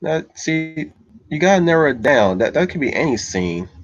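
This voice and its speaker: Pitched a little high and very animated, this livestreamer reads chat at a moderate pace, meandering casually and thinking aloud while he answers viewers. Faint music sits behind him, and his slightly dull lo-fi mic gives a dry sound.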